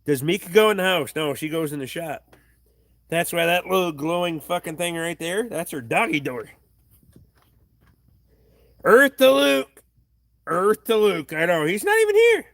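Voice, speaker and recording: Very animated and a little fast, a man with a fairly high, fairly bright voice hosts a casual livestream and reads chat aloud, swearing freely and bluntly. A tripod camera records him in his home workshop, and the recording is dry.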